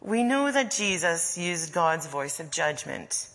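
A woman preaching a sermon, slow and deliberate, with soft trailing endings. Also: on the low side, sing-song, in a large hall.

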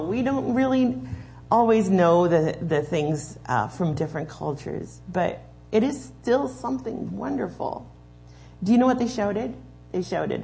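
A woman's voice: mid-range voice, animated, unhurried, vocal fry, darkish tone, a little hiss or hum. A woman leading a children's sermon in a church, patiently explaining and giving step-by-step instructions. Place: church sanctuary.

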